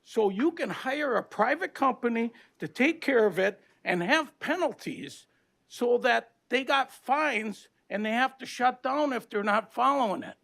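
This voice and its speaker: An older man from Minnesota giving an aggrieved, blunt public comment at a county board meeting, plain-spoken with rough grammar. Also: extremely high pitch, expressive, a little slow, a bit bright. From Minnesota, USA.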